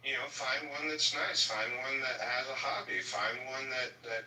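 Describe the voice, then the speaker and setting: A man's voice: medium pitch, normal speed, sharp tone. A man hosting a casual live audio chat, lecturing emphatically. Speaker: host. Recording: echoey, distant, faint noise.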